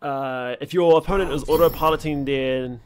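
A young man streaming a fighting game, giving excitable live commentary, swearing and shouting at the screen. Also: a little high, moderate pace.

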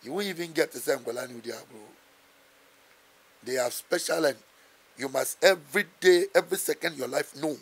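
A Ghanaian-accented pastor answers interview questions in an earnest, preaching style, quoting scripture and moving between English and Twi. His voice sits a little high and moves at a quick pace, with a creaky, breathy edge.

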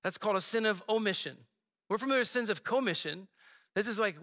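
Guy pastor preaching, really high bright voice, chatty and jokey with lots of side comments. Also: lively intonation, a little fast, long pauses. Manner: conversational and joking, with frequent asides. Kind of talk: sermon. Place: church sanctuary.

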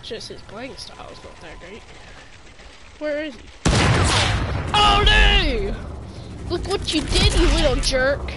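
A woman's voice: high voice, big pitch swings, slow pace, long pauses. A woman giving casual gameplay commentary, playfully trash-talking an opponent. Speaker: gamer. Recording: loud background noise, gunfire.

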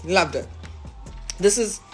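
A woman chatting excitedly to a phone camera in a casual vlog, with music playing underneath. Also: on the low side, slow pace.

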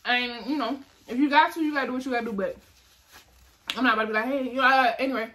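A young woman vlogger telling a story in casual chat, animated and acting out the people in it. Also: on the high side, rapid-fire. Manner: animated, acts out voices in her story.

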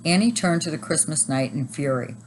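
A woman teacher reading a chapter book aloud at a steady, even pace. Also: deep voice, a little fast, a little hiss or hum, rough recording.

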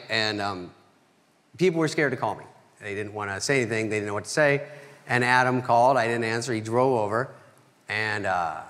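A middle-aged man giving a dry, deadpan stand-up roast on a theater stage, pausing for his punchlines. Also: mid-range voice. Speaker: comedian roasting a friend. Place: theater stage at an award ceremony. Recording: reverberant hall, noisy live recording.

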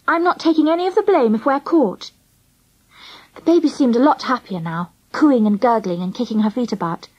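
A woman narrating a children's storybook in the first person, lively and expressive. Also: medium pitch, slightly rough, low-quality recording. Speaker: audiobook narrator.

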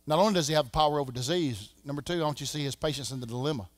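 A Southern man preaching a sermon as pastor, swinging from shouting to a hush. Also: on the high side, racing, no echo. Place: church sanctuary.

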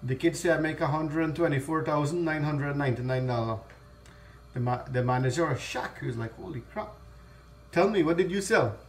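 A man with a Guyanese accent and a slightly raised pitch tells a joke in a loose, easygoing way. He hosts a home cooking channel from his kitchen, chatting casually as he cooks. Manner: easygoing storyteller, relaxed creole grammar.

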